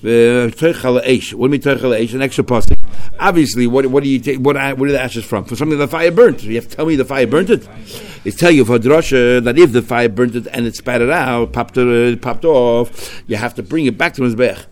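A man of middle pitch walks through a religious text line by line. He keeps asking himself questions and answering them, jumping up in pitch and volume on the key points. He mixes Hebrew and Aramaic study terms into his English. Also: fairly quick. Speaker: Talmud teacher. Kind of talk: explaining a religious text passage.

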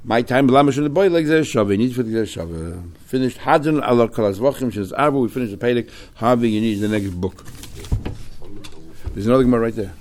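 A man's voice: mid-range voice, fast, darkish tone. Man teaching a Talmud class. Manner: explains line by line, switching between Hebrew terms and English.

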